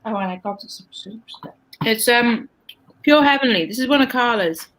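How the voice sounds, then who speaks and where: A woman's voice: fairly high pitch, moderate pace, fairly bright tone, rough recording. A woman in casual chat with friends, teasing and chatting while she snacks.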